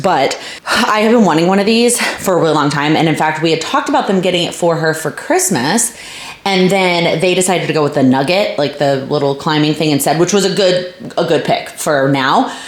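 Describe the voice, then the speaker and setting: A young woman, vlogging from home in a rambling, chatty way that keeps interrupting itself. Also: low-pitched. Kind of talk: casual chat. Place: home, indoors. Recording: echoey room with faint noise.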